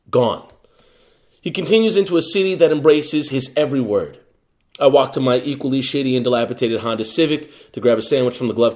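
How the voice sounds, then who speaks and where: A young adult man, a guest poet, performing a rhythmic, expressive spoken-word piece and chatting casually. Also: mid-range voice. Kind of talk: performed poetry reading and casual chat.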